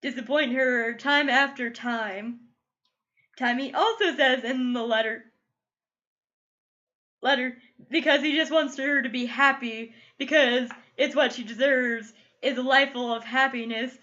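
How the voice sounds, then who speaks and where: A woman's voice: high-pitched, steady tone, a little slow, bright, forceful tone, highs cut off. A woman gushing casually through a TV episode review, emotional and full of "like" fillers. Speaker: TV show reviewer. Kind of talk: casual solo review vlog.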